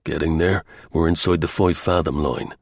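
A man's voice: a bass voice, moderate pace, vocal fry, husky, no echo, studio quality, pitched below the performer's own voice, heavily acted. A man reading as Dundas, a terse skipper. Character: gruff adult male boat skipper, terse.

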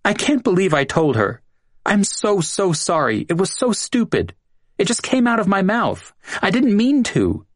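Man voicing a weepy young woman, pitched well up, dry close sound, story reading. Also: big pitch swings, normal speed, no echo. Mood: pleading. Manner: pleading, sobbing delivery. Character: tearful pleading young woman, defensive.

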